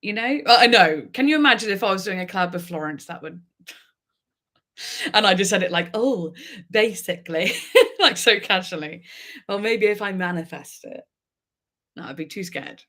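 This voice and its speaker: A woman's voice: mid-range voice, expressive, moderate pace, long pauses, bright, forceful tone. A woman, a music reaction YouTuber, chatting casually and rambling on a livestream, laughing often.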